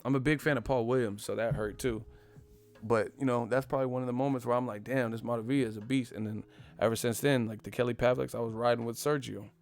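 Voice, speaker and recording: A man's voice: mid-range voice, fast talker, faint music behind. A man hosting a boxing channel, ranting in casual live-stream commentary with lots of slang and profanity. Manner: animated, profane, slangy rant.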